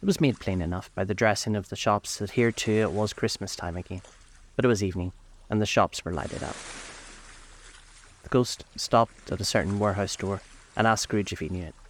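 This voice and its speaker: A man narrating a classic novel aloud in a steady, even storytelling manner. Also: lowish voice, a little fast, a little hiss or hum.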